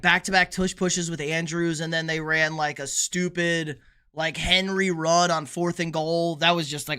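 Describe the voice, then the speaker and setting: A young man riffing on a sports livestream with a bright, forceful voice sitting a bit above the usual male pitch. He is blunt and casual, swears freely, and reads out chat messages as he goes. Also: clear, resonant tone.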